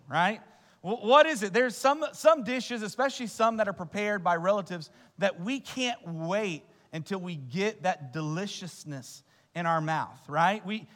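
Pastor, male, higher register, earnest sermon delivery, big church reverb. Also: fairly bright tone. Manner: earnest, rhetorical questions, repeats words. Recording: long reverb of a church hall.

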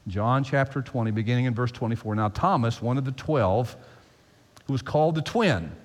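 A man preaching a sermon as pastor, emphatic and animated, repeating phrases for effect. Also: medium pitch, normal speed. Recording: long hall reverb.

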